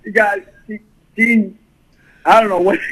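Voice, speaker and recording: A man's voice: high-pitched, flat delivery, unhurried, fairly bright tone, rough recording. A man telling a crude, profane party story in casual talk, full of swearing and laughter. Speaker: guest storyteller.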